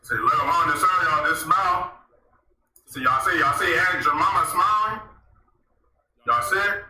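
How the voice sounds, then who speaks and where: A man talks to his viewers in a high, very bright voice, circling back to the same phrases again and again. He sits well back from the microphone in an echoey room, so his voice sounds distant and roomy. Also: normal speed. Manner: repetitive, addresses viewers constantly as y'all. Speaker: vlogger. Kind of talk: casual rambling to viewers. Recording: echoey room, mic far off.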